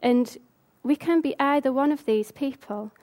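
Brisk, chatty woman giving a sermon. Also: high-pitched, a little mellow. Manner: brisk, conversational, with fillers. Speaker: speaker giving a talk. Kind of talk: informal sermon.

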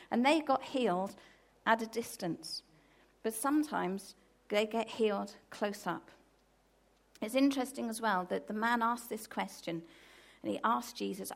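A woman from the UK preaching a sermon with a fairly high voice. She tells stories in a lively way and breaks into loud, emphatic bursts.

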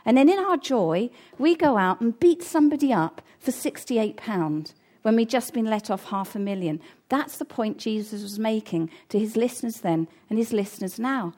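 A woman's voice: fairly high pitch, animated, normal speed, darkish tone. A woman preaching a sermon in an earnest, conversational way, breaking off for casual asides.

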